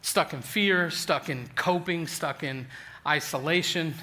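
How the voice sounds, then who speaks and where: A man in his forties preaching a sermon, telling a funny personal story with lively self-deprecating humor and frequent restarts. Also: on the high side, a little slow. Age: 40s. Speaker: pastor.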